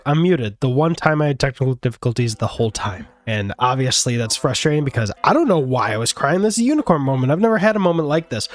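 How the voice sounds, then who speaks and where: A man vlogging in a casual video-diary style, candid and rambling, swearing freely. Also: mid-range voice. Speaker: movie vlogger.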